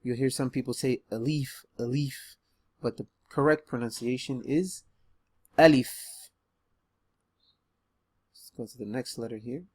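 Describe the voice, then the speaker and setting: A man's voice: mid-range voice, fairly quick, few pauses, breathy edge. Easygoing man teaching letters. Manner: relaxed and chatty, with frequent ums; loud, emphatic modelling of letter sounds. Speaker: Quran reading teacher. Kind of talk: beginner Arabic lesson video.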